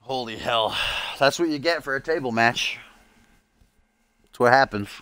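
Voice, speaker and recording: A man's voice: mid-range voice, a little slow, sharp tone, smooth. A man streaming live, doing playful mock-broadcast play-by-play commentary on a wrestling video game, with the odd swear.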